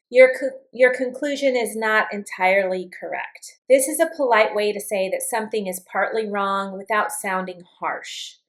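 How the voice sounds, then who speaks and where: A woman teaching an English vocabulary lesson, patiently explaining a word with example sentences and saying some phrases slowly and deliberately. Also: medium pitch, a bit bright, poor audio.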